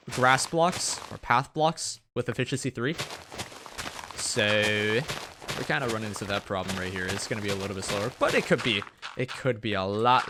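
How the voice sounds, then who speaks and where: A young man from Tennessee talks through his game in a loose, rambling way and cracks jokes at himself. His Southern accent comes through. His throat is a little sore, and a faint hiss sits under the recording. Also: mid-range voice. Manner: rambling, chatty, self-joking. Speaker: gaming channel host. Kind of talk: Let's Play gameplay commentary.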